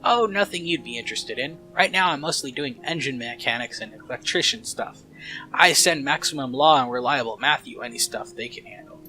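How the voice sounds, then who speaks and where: A man doing a loud, jolly hungover cyber doc. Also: medium pitch, brisk, close to an everyday voice. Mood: jovial. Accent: Midwestern US. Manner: loud, boisterous, joking. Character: cheerful hungover middle-aged male cyber doctor.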